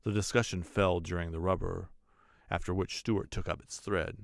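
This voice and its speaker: Brief: male audiobook narrator, very low and gravelly, steady reading. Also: moderate pace, no room sound, studio quality.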